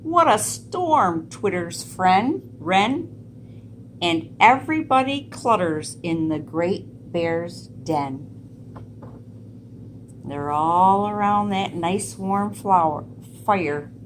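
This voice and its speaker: A woman reading a picture book aloud to children, pausing to ask gentle questions about the pictures. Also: lowish voice, slight background noise. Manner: gentle, asks listeners questions. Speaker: storyteller.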